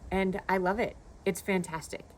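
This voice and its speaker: A woman's voice: mid-range voice, fairly even intonation, normal speed, slight background noise. A woman in her thirties, a pastor giving a devotional video talk in a conversational, personal storytelling way. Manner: conversational, personal storytelling with frequent "you know".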